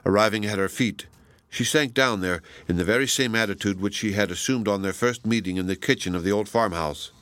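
A man narrates a classic novel in a measured, deliberate reading. His voice sits low. The sound is dry and close, with no room around it. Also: a bit bright, dry recording. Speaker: audiobook reader. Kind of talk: scripted narration.

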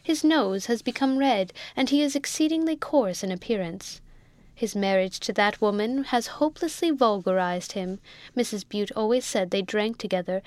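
A woman's voice: a little high, no echo, natural voice. A woman voicing a peevish, imperious rich old spinster aunt who speaks with scorn, in a storybook reading. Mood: disdainful.

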